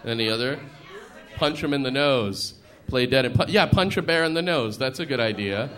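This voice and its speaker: A man's voice: medium pitch, moderate pace, a bit bright. A male stand-up comedian riffing with the audience, chatty and laughing as he goes. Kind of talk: stand-up with crowd work. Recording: live stage recording with clear noise.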